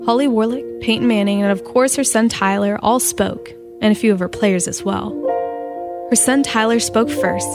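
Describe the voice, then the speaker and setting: A woman giving measured, scripted narration for a story program. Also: a little high. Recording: clear music bed behind voice.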